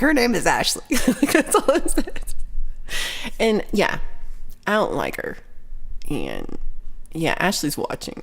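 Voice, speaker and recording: A woman in her thirties or forties hosting a casual livestream chat, telling ranting stories with plenty of swearing and reading out viewer comments. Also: fairly low pitch. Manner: animated ranting storyteller, swears freely. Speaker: livestream host.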